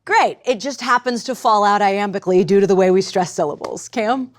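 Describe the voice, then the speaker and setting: Woman, acting teacher, measured lecture with demonstrations, faint background noise. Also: medium pitch.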